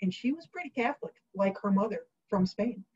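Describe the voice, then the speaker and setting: A woman's voice: medium pitch, expressive, brisk, darkish tone, husky. A woman hosting her own show, casually telling a drink's history with jokey asides and quoted voices. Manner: breezy, jokey, lots of fillers and quoted asides. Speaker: host. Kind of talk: casual chatty history storytelling. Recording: slightly dull lo-fi sound.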